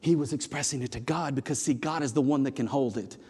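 A man preaching a sermon, swinging between loud emphatic passages and low hushed ones. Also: fast talker, husky. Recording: long hall reverb.

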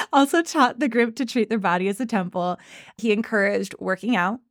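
A woman's voice: medium pitch, normal speed, no echo. Woman cohost chatting, tells the story, swears a bit, dry mic. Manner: storytelling, swears casually, animated quoting. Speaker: podcast co-host. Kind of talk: casual chat.

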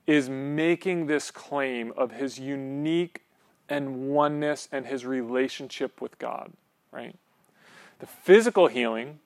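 In a church room, a man whose voice sits on the high side teaches a small Bible class. He keeps it conversational, restarting often and checking in with "right?" The recording has no echo.

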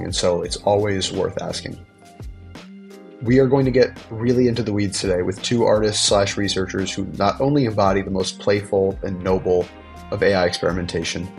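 A man with a deep, creaky voice hosts a podcast intro and interview, sounding nasal from a cold. He speaks articulately and with enthusiasm.

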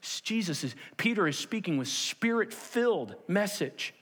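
Guy preaching in a church, bit higher voice, lively storytelling, acts out the people he quotes, big echoey hall. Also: moderate pace, slightly rough. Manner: animated, acts out quoted voices, repeats "okay?". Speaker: pastor. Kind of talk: sermon with storytelling. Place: church sanctuary. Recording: long hall reverb.

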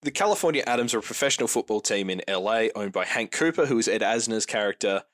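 Lively joking male podcast host. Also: fast talker. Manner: wry, joking recaps with lively pitch. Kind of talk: casual movie review chat.

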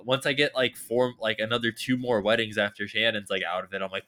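A man's voice: fairly low pitch, level tone, brisk, few pauses, sharp tone. A man chatting casually with friends on a podcast, telling stories in a rambling way full of fillers and swearing. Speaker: podcast co-host. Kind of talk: casual chat.

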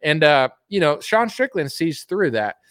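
A man's voice: on the high side, sing-song, unhurried, a bit bright, no room sound, clean studio sound. A man ranting in casual political commentary, rambling with lots of "like" and mocking impressions. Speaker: commentary streamer.

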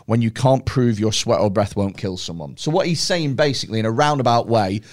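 A man's voice: lowish voice, expressive, fairly quick. A man hosting a podcast, telling stories loosely with lots of swearing and laughter. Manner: rambling storyteller, swears freely, laughs often. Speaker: podcast host. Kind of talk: casual chat.

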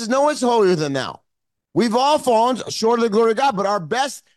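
A man preaching with fervor in a high voice, heard dry and close with no room echo. He repeats his phrases and sounds emotional as he pleads. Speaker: pastor. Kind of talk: sermon.

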